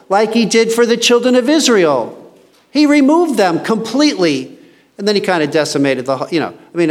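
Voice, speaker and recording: Man teaching the Bible, slightly high voice. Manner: conversational, reads scripture slowly and emphatically.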